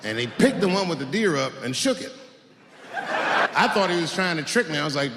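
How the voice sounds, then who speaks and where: A man in his forties doing a stand-up comedy routine, telling drawling stories that swing between low mutters and sudden high, incredulous yelps. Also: lively intonation, normal speed, heavy background noise. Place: large theater stage with live audience. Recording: live theater recording with hall reverb.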